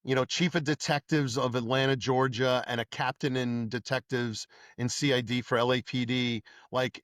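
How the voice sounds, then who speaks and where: A middle-aged New man talks through his old police days in a casual interview, acting out the voices of people in his stories. His pitch sits in the middle of the range for a man. The recording is dry and close, with no room sound. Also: normal speed, hardly any pauses, no echo. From New York. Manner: animated anecdotes with acted-out dialogue. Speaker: podcast guest, former police detective.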